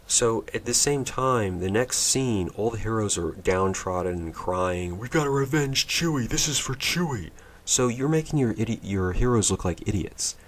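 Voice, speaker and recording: A deep, low-voiced man mocks a film as he reviews it, sarcastically wandering from one scene to the next. Fillers fill the pauses while he chooses what to complain about next, and he imitates characters in silly voices.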